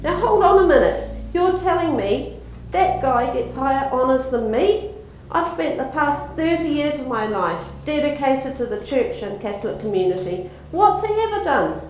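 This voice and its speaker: A woman's voice: high voice, lively intonation, normal speed, few pauses, a little mellow, a little hiss or hum, voice pushed up. A woman voicing an indignant middle-aged male priest in a joke she tells, in an echoey room.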